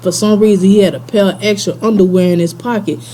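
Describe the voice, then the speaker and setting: A woman's voice: medium pitch, fairly even intonation, quick pace, background noise. A woman casually telling a personal story in slangy, laid-back talk, chuckling now and then.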